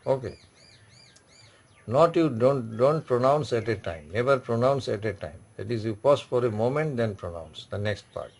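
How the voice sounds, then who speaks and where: A man's voice: medium pitch, expressive, a little mellow. A man runs an online French class. He explains step by step, repeating each point. His voice sits mid-range. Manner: slow, repetitive explaining with frequent "okay" check-ins. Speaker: French teacher. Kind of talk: online language lesson.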